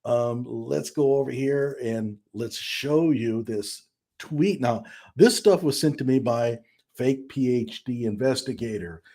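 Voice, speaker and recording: Husky, mellow-voiced man hosting a stream. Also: medium pitch, takes it slowly. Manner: chatty and mocking, with frequent laughs and fillers. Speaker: live stream host. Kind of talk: casual commentary on a live stream.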